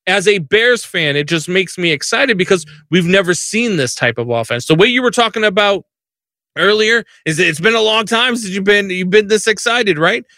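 A man in his thirties or forties co-hosting casual sports talk, excitable and quick to repeat and restart his phrases. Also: high-pitched, no echo, clean studio sound.

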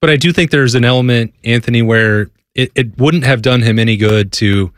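A man's voice: medium pitch, brisk, fairly bright tone, no echo, studio quality. Rambling man guesting on sports radio. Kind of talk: casual sports talk.

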